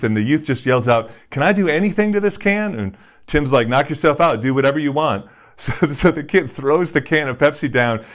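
A middle-aged man preaching a sermon as a pastor, in a conversational, self-deprecating way, acting out quotes and using props. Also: mid-range voice.

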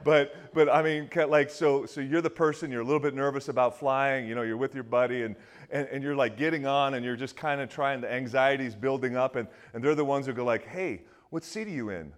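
A man preaching a sermon in a casual, conversational way, asking his listeners questions and dropping low and quiet when he quotes. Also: steady tone, a little fast. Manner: conversational, asks the audience questions. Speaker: pastor.

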